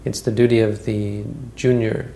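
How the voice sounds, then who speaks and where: A man's voice: on the low side, level tone, normal speed, warm tone, a little hiss or hum, natural voice. A man voicing a loyal, protective senior monk who speaks earnestly and respectfully.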